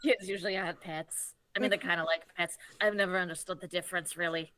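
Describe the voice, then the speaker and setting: A woman's voice: on the low side, steady tone, fast talker, pushed and bright. A woman playing a tabletop game, rambling casually and in character. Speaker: player.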